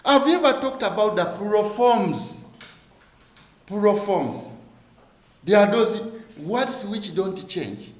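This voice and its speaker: Man, high voice, teaching an exam review in an echoey room, lots of rhetorical questions. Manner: rhetorical questions, repeats key words for emphasis.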